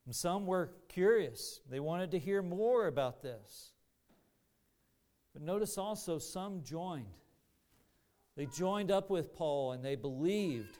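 A male pastor delivers a sermon to his congregation, speaking in a slightly high, smooth and resonant voice. He takes his time, letting each phrase land with earnest, deliberate weight. His emphasis rises as he presses his points home. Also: animated, a little mellow.

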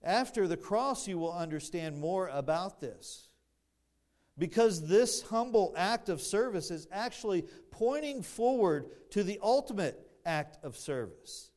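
Guy preaching slow n steady, kinda high voice, gets louder on the big lines, dry little jokes. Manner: slow and deliberate, swelling louder on emphatic phrases. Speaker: pastor. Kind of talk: expository sermon.

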